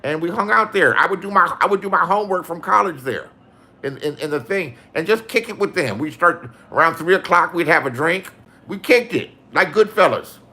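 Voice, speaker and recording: Bright-voiced older man telling profane stories. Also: a little high. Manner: profane, rambling anecdotes with voiced quotes. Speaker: storyteller. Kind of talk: casual storytelling.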